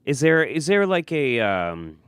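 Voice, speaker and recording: A man's voice: mid-range voice, big pitch swings, unhurried, fairly bright tone, clean tone, no room sound. A man hosting an interview, asking reflective questions with hesitant restarts. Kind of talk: conversational interview.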